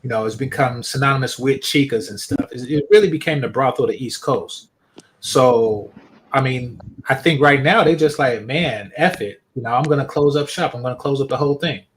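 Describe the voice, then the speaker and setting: A man's voice: medium pitch, a little fast, slight background noise, low-quality recording. A man joining a livestream as a guest, explaining his opinion earnestly with many "um"s. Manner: earnest, explains with fillers and restarts. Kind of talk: casual livestream chat.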